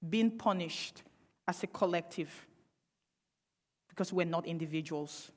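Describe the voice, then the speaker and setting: A woman's voice: lowish voice, unhurried. Impassioned young woman speaking in a hall. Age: young adult. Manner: impassioned, rhetorical questions, sarcastic asides. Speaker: panel speaker. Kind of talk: public speech. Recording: long hall reverb.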